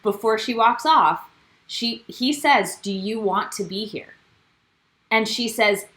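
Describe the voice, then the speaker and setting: A woman's voice: medium pitch, unhurried, rough recording. Chatty woman co-hosting a recap. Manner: animated, quotes cast members. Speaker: co-host. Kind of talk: casual recap chat.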